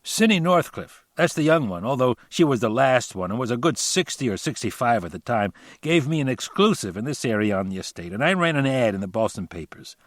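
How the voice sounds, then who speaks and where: A man's voice: mid-range voice, big pitch swings, fairly quick, hardly any pauses, dry recording, studio quality, close to an everyday voice. A man voicing a chatty small-town realtor who tells a story in folksy, ungrammatical talk. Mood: gossipy. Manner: folksy rambling storyteller, colloquial grammar. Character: chatty middle-aged male small-town realtor, boastful.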